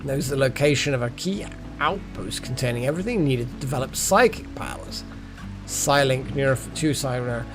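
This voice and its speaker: A man's voice: medium pitch, moderate pace, music in the background. A man streaming a colony-building game live, thinking aloud with muttered asides and wry jokes. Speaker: gaming streamer. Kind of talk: live gameplay commentary.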